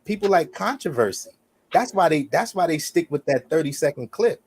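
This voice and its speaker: A man's voice: a little high, lively intonation, a little fast, breathy edge. A man co-hosting a podcast, arguing his side in a heated casual debate and repeating his points with emphasis. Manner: emphatic, repeats "you see what I'm saying". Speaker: podcast co-host.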